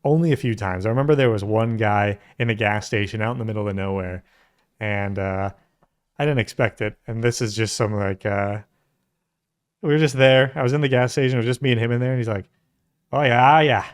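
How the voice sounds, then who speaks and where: A man co-hosting a reaction video in casual chat, jokey and quick to laugh. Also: fairly low pitch, smooth. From United States. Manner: chatty, jokey, laughs often. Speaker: reaction channel co-host.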